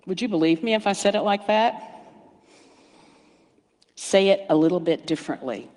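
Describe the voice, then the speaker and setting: A middle-aged woman minister giving a sermon, storytelling warmly with playful asides and hushed emphasis. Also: mid-range voice, expressive, normal speed, pauses often. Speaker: guest speaker minister. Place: church sanctuary. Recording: reverberant hall.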